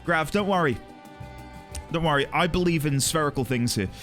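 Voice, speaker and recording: A man's voice: fairly high pitch, normal speed, a bit bright, soft background music. A man streaming live, chatting earnestly and emotionally with his audience and greeting viewers by name. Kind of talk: casual chat with a live audience.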